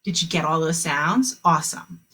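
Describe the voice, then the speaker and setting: A woman teaching a kindergarten phonics lesson on a video call, speaking slowly and encouragingly and stretching out the sounds of words for young children. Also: sits low, a bit bright, breathy edge.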